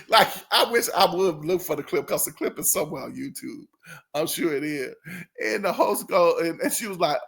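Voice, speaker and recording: Guy chatting to his channel, high lively voice, slow and rambly, laughs a lot. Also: gravelly. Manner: laughs often, rambling, imitates others. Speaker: channel host. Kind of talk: casual storytelling to camera.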